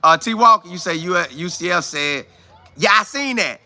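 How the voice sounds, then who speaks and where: Male stream host, high and very bright voice, animated and emphatic, addresses viewers directly. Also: moderate pace, gravelly. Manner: animated, exclaiming, repeats phrases for emphasis; talks straight to viewers, calling them y'all. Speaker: live stream host reading viewer comments. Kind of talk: casual live stream chat.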